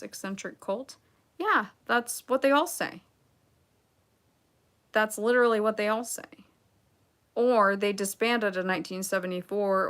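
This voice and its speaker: Blunt sarcastic woman streamer. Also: medium pitch. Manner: sarcastic, blunt, rambling with asides. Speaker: livestream host reading chat. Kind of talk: casual livestream chat.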